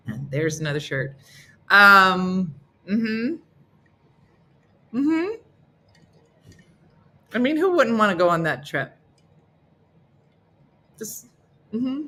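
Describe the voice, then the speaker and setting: A woman's voice: very animated, very slow, long pauses, sharp tone. A middle-aged woman hosting a casual live morning chat, playful and teasing as she talks to her viewers. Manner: playful, teasing, bursts into high silly voices for others. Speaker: live show host.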